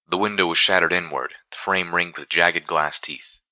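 A man narrating first-person fiction in a measured, dramatic storytelling manner. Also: sits low, steady tone, sharp tone, no room sound. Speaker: audiobook narrator.

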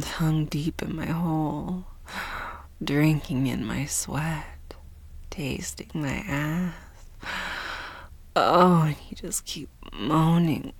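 Woman, whispered role-play: breathy, very unhurried delivery, teasing and dominant. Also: sits low, darkish tone. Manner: slow, breathy, teasing and commanding. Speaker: audio role-play performer.

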